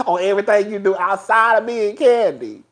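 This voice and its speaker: A man hosting a casual talk stream, animated and sassy, laughing often as he chats. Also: high voice, moderate pace. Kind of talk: casual commentary chat.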